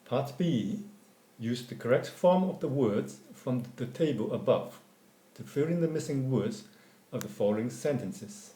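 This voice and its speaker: A man reading an English grammar lesson as scripted narration, going through word forms in a measured, deliberate way. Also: medium pitch, animated, dark tone. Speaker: English teacher. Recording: echoey room.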